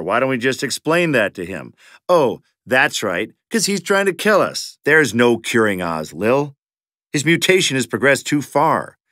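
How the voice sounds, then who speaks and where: A sardonic, foul-mouthed mercenary from a zombie shooter game, tossing out wisecracks with a bright, edgy tone. His pitch leaps all over the place, and the sound is dry and close. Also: dry recording. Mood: scheming, cold. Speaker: video game character. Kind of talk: game voice lines.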